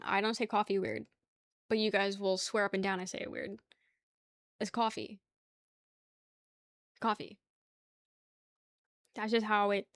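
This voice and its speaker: A woman's voice: medium pitch, dry recording. A young woman from the New area, chatting casually on a stream, rambling, laughing often and reading chat aloud. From New York area.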